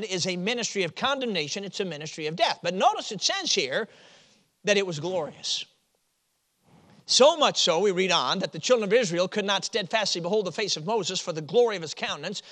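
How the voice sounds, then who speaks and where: A man from Chicago preaching a sermon, moving from loud stressed phrases to quiet, low drops. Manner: swings from loud emphasis to quiet drops, with chuckles.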